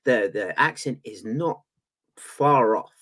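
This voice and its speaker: Taking it slowly, this English podcast co-host speaks in an expressive, medium-pitched voice with a fairly bright tone. His casual chat turns into playful rants, with restarts along the way.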